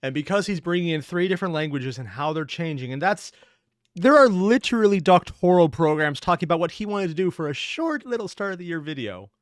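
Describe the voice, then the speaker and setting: A man's voice: a little high, animated, fairly quick, dry recording, clean studio sound. A man in his thirties hosting a reaction video, chatting casually with self-mocking asides. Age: 30s. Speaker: reaction channel host.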